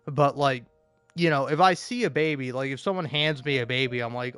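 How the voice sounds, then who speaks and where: Rambling, profane man with a smooth voice. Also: mid-range voice, a little fast, a bit bright, no room sound, faint music behind. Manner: meandering, profane, stammering with many fillers. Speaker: live streamer. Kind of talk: rambling casual monologue.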